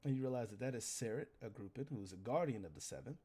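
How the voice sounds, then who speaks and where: A man's voice: medium pitch, lively intonation, fast talker, warm tone, breathy edge. A man running a tabletop role-playing game as game master, narrating scenes in a loose, conversational way.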